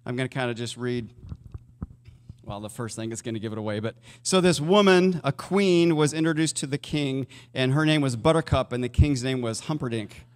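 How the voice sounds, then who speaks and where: In a reverberant church sanctuary, a pastor delivers his sermon at a moderate pace. His mid-range voice holds a steady tone, and he keeps things conversational by asking the congregation questions.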